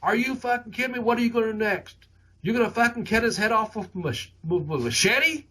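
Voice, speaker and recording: A man putting on the voice of an excitable veteran male wrestler who shouts in profane disbelief. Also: very high-pitched, quick pace, voice pushed up. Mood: incredulous.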